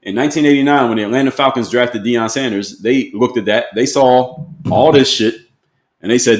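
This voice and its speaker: A man's voice: medium pitch, a little fast, roomy sound. A man, giving blunt, emphatic commentary to camera and repeating his key points. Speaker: motivational commentator.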